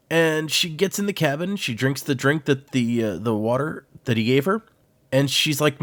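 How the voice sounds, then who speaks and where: A male podcast co-host recaps a novel in a relaxed, chatty way. His voice sits at an ordinary pitch but swings widely as he tells the story. The recording is dry and close with no room sound. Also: moderate pace, no echo. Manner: animated retelling with frequent laughs. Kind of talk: casual book discussion.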